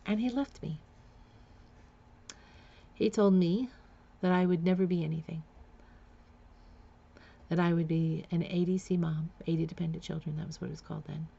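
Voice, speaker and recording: Gravelly low-voiced woman telling her story. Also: fairly even intonation, moderate pace, long pauses, mellow, muffled recording. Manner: frank, confessional, blunt. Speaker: memoir storyteller. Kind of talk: candid personal storytelling.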